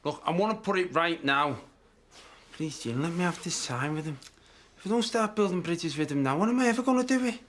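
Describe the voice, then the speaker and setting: A man's voice: fairly high pitch, expressive, a little fast, fairly bright tone, a little hiss or hum. A man with a Northern English accent playing a blunt radio DJ and father in a TV comedy drama.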